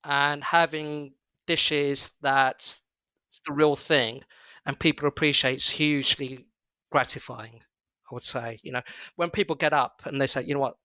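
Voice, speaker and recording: Male guest, upbeat anecdote teller, crisp and dry, slightly high-pitched. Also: unhurried, dry recording. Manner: animated, acts out customers' voices in anecdotes. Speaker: restaurant co-founder, guest. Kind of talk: casual interview storytelling.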